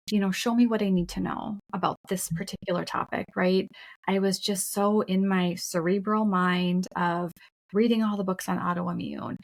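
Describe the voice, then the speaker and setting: Frank, emphatic woman podcast co-host. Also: medium pitch. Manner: frank, emphatic, casual swearing. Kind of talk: candid conversational storytelling.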